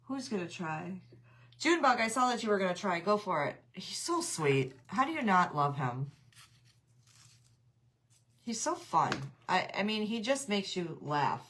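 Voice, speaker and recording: A woman's voice: medium pitch, sing-song, a little slow, fairly bright tone, a little hiss or hum. A woman hosting a casual craft livestream, chatting with viewers, laughing often and reading out their comments.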